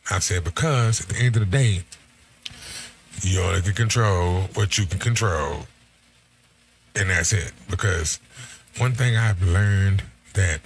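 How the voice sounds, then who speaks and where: Slow-talking laid-back man telling a story. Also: fairly low pitch, slight background noise. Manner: laid-back, slangy, quotes himself and his friend in conversation. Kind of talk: casual storytelling.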